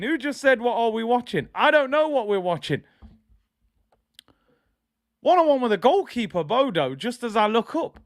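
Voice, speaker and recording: A man hosting a live football watch-along, reacting loudly to play and reading out viewer comments. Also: normal speed, no room sound, studio quality. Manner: excitable, trailing off with a low "people"; reads out chat comments between play calls.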